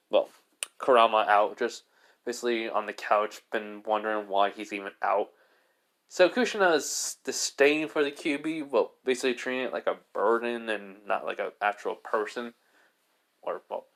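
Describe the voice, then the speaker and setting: A man's voice: mid-range voice, a bit bright. Rambling man narrating a fan story. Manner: rambling, full of "basically" and restarts.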